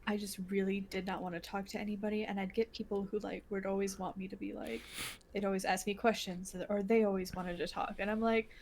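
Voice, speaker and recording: A woman's voice: mid-range voice, little pitch movement, a little fast, darkish tone, a little hiss or hum. A woman co-hosting a podcast in casual chat, rambling with many fillers and restarts. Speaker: podcast co-host.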